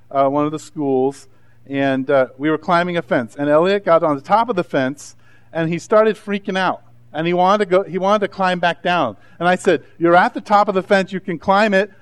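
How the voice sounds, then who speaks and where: A man in his thirties preaching a sermon, animated and conversational, acting out asides in different voices. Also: fairly high pitch. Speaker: pastor.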